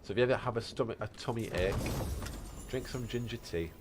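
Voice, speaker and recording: A man's voice: mid-range voice, brisk, noisy background. A British man streaming a game, chatting playfully and answering his chat as he goes. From Britain. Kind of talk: casual chat while gaming.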